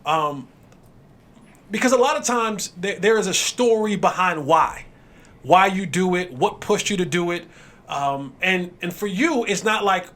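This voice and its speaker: A man's voice: sits high, expressive, measured pace, fairly bright tone. A man hosting a podcast interview, easygoing and repeating words as he shapes his questions. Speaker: podcast host. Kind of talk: casual interview chat.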